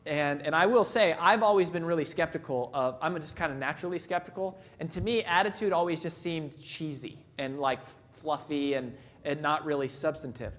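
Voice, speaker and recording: A man's voice: fairly high pitch, moderate pace, hardly any pauses, a bit bright. A man giving a motivational keynote talk in a conversational, self-deprecating way, telling personal stories. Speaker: motivational speaker.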